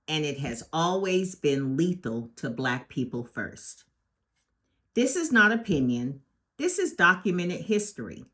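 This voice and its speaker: Slow, lively-pitched woman. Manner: emphatic, deliberate, short punchy declarations. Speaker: host. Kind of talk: scripted spoken commentary.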